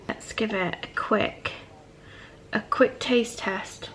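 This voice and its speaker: A young woman vlogging at home in a chatty, excitable way, then giving a calm advice chat. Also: mid-range voice, slow, slight background noise. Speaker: lifestyle vlogger. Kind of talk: casual vlog narration. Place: cosy home living room.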